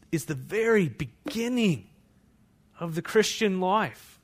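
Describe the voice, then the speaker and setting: A pastor preaching a sermon, moving between hushed, intimate passages and loud, fervent scripture readings. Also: male voice, high-pitched, expressive, takes it slowly. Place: church.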